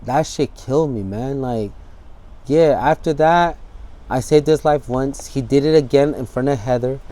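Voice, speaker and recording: Man with an average-pitched voice, giving a candid interview, acting out the scenes and swearing as he goes. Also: unhurried, warm tone. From San Francisco Bay Area. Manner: vivid storytelling, acts out scenes, swears freely.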